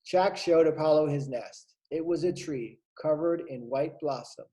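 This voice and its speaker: A man, a kindergarten teacher, reading a picture book aloud to young children and pausing to point out the pictures. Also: a little high, warm tone.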